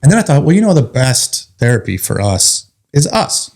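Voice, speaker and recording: Man, firefighter, casual podcast storytelling, joking, acts out quotes, middle pitch. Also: very animated, moderate pace, creaky, darkish tone. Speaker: firefighter guest.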